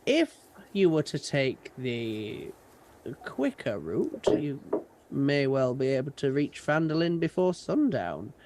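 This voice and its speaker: A British man voicing a lone, calm and cryptic old male druid guide in a tabletop game, speaking in slow, measured phrases. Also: medium pitch, a little hiss or hum.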